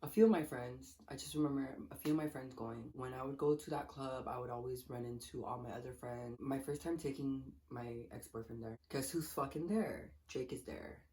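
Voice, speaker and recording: Profane, animated young woman telling a story. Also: a bass voice, brisk, hardly any pauses, slight background noise. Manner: profane, animated, acts out quotes. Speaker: vlogger. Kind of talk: casual storytelling while eating.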